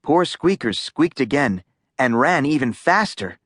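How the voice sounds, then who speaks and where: Woman, low voice, very animated, slow, dry close recording, children's audiobook narration. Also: slightly rough, no room sound. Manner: slow, lively storytelling.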